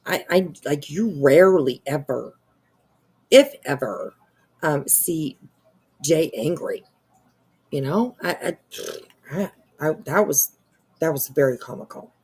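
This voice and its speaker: A woman streamer giving chatty, sarcastic commentary on online drama, with drawn-out exclamations and casual swearing. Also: low-pitched, lively intonation, darkish tone, husky. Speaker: live streamer.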